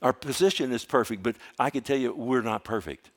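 A man's voice: medium pitch, fairly quick. A middle-aged man delivers a sermon in an ordinary mid-range voice. He presses points by repeating them and restarts his phrases, then falls to a near-whisper when he tells a story. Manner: impassioned preaching that swings from loud urgency to hushed storytelling. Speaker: pastor.

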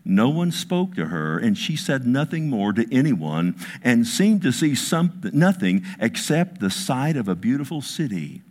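A man preaching a sermon, telling stories with emphasis, his voice dropping hushed and then rising, with frequent asides like "listen" and "I mean.". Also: medium pitch, very animated, measured pace, few pauses. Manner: storytelling, emphatic, swings between hushed and raised; repeats "listen" and "I mean" as fillers. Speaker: pastor.

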